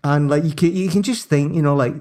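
A man with a Scottish accent co-hosting a casual sports podcast, chatty and animated, laughing often as he tells stories. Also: fairly high pitch, a little fast. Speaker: podcast co-host.

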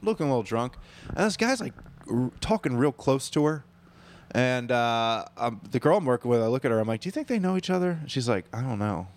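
Animated man telling a bar story. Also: mid-range voice, brisk. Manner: animated, swearing, acts out quoted voices. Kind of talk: casual storytelling chat.

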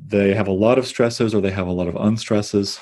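A man leading a casual, thoughtful discussion of a poem, reflective and unhurried. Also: lowish voice, steady tone, darkish tone. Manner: thoughtful, reflective, reads verse slowly.

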